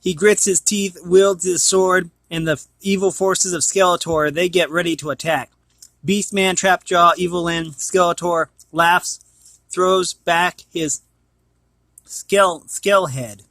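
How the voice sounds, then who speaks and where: A man reading a storybook aloud in a put-on Scottish accent, loud and dramatic. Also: high voice, fairly even intonation, slow pace, no room sound, heavily acted. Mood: booming excited.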